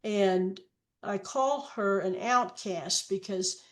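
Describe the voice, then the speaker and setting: Older woman in her seventies, podcast guest author, slow and reflective delivery. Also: medium pitch. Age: 70s. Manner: slow, reflective storytelling with long read-aloud quotes. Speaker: guest, author and trail hiker. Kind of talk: podcast interview.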